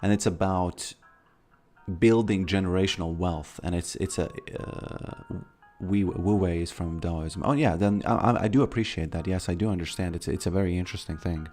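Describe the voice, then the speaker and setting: A man streams a video game and chats casually, rambling, often stammering and repeating his words. His low, darkish voice moves at normal speed over soft background music.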